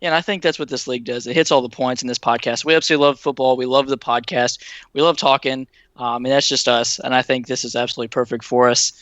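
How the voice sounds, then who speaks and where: Quick, smooth-voiced man from Massachusetts. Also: mid-range voice, fairly even intonation, a bit bright, no room sound, lo-fi sound. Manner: fast, modest, many fillers. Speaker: guest podcast co-host. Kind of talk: casual chat.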